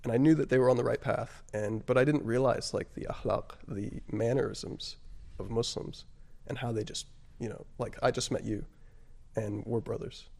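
A man with a noticeably gravelly, fry-edged voice at an ordinary middle pitch tells his story as an interview guest. He speaks in a halting, reflective way, leaning on fillers and letting his voice sink softer on the heavier moments. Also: steady tone. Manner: halting and reflective, frequent "like" and "you know" fillers. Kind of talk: casual personal storytelling.

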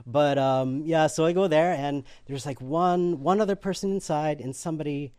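A man's voice: on the high side, normal speed, clean tone. A man telling his conversion story casually, acting out the people he quotes and laughing as he goes. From eastern United States. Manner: animated, acts out quoted voices, laughs often.

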